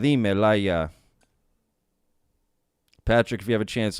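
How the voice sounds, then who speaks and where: An upbeat man hosting a casual live stream, greeting viewers and laughing easily. His voice sits fairly low and comes across smooth and clear. The sound is dry and close to the mic. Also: a bit bright, dry recording. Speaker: podcast host reading live chat.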